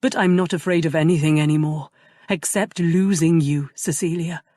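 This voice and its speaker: A woman voicing a tender, remorseful young nobleman in love, speaking softly and earnestly. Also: low voice, steady tone, moderate pace, dry recording, clean studio sound. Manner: soft, earnest and intimate.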